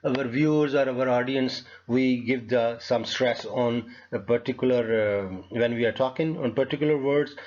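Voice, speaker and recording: A man teaching a lecture on logic fallacies, talking in a halting way with many fillers and restarts. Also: medium pitch, a little mellow, muffled recording.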